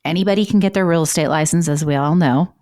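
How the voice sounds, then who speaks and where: A middle-aged woman with a voice on the lower side co-hosts a podcast. She is bubbly and emphatic, leaning on her key words, and she has a playful streak. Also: fast, darkish tone. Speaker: podcast co-host. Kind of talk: casual chat.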